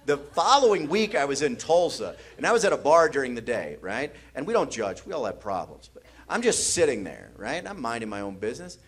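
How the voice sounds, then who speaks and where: This man from the American Midwest has a mid-range, breathy-edged voice and talks briskly, with hardly any pauses, during his stand-up set on a club stage. He animatedly plays the drunk strangers in his stories, mumbling their lines, while the audience laughs.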